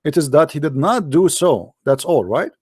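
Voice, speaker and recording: A man's voice: fairly high pitch, animated, normal speed, breathy edge, dry recording. Argumentative man, dry close sound. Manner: argumentative, mocking, challenging. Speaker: host. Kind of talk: debate on a live call-in stream.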